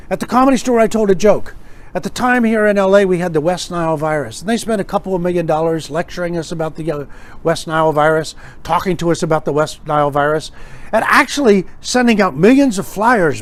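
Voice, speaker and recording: Guy with a high voice doing a jokey casual monologue, wry, acts out old comedy bits. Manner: joking, wry, acts out quoted gags. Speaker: host.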